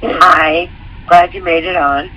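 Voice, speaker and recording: A man's voice: on the high side, steady tone, takes it slowly, bright, forceful tone, slight background noise, poor audio. A man hosting a call-in show, moderating with brief, businesslike remarks. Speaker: host.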